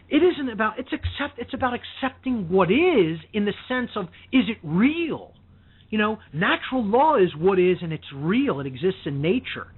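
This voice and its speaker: A husky-voiced man speaks over a thin, tinny phone line as a radio guest. He lectures with fervor, stressing each point and checking in with "okay?" between them. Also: high-pitched. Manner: emphatic, repeats "okay?" to drive points home. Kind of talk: impassioned lecturing talk. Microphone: telephone.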